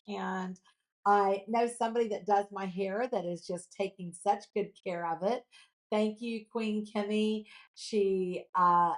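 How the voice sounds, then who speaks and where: A woman in her late fifties hosts a live jewelry shopping show. She talks in a chatty, gushing way and reads viewer comments aloud between the sales pitches. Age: 50s.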